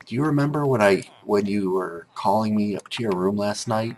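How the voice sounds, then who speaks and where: A man's voice: lowish voice, normal speed, a little mellow, a little hiss or hum, close to an everyday voice. A man voicing his father as a puzzled, teasing dad asking about the night before. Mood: amused. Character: a puzzled dad at the breakfast table.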